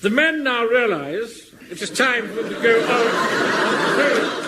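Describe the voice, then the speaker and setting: A pompous, self-important Home Guard captain in an old radio comedy. His voice is high and swings widely in pitch. The archive recording carries steady hiss. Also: measured pace. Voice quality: pompous, indignant. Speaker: captain narrating a radio skit. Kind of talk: 1960s-70s radio comedy acting.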